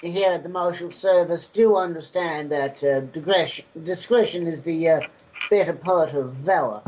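A man's voice: on the high side, normal speed, a little mellow. A man playing a tabletop game over a noisy voice call, rambling and correcting himself. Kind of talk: casual game chat on a voice call.

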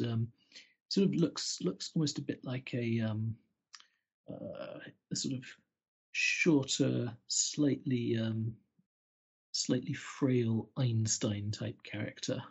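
A man narrating a tabletop game as game master, hesitant with many pauses and restarts, over a computer mic on a call. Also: medium pitch, vocal fry, breathy edge. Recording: dull, muffled call audio.

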